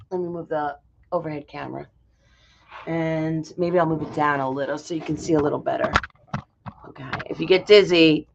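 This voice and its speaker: A woman's voice: lowish voice, gravelly, slight background noise. A woman hosting a casual live crafting tutorial, chatting and greeting viewers by name. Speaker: craft livestream host. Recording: muffled lo-fi livestream audio.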